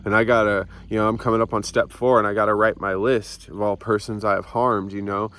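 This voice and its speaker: This young vlogger speaks fairly quickly in a fairly low, level, slightly bright voice. Filming a casual confessional with a handheld camera on a hillside outside, he rambles and swears, restarting and poking fun at himself.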